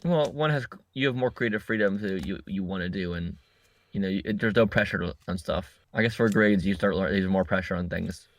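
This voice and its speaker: Here a man with a low voice and a fairly quick delivery co-hosts a podcast from a recording setup. He recaps a movie casually, rambling and cracking jokes while frequently correcting himself.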